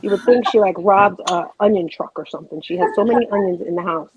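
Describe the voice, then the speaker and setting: A woman's voice: medium pitch, fast, background noise. A woman hosting a home cooking show, chatting casually and rambling to viewers while she cooks.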